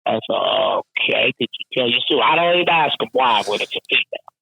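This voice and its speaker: A man's voice: mid-range voice, brisk, creaky, slightly rough, no echo, rough recording. A man guest on a casual podcast, telling a profane work story and laughing along as he tells it. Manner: profane, animated, laughing at his own story.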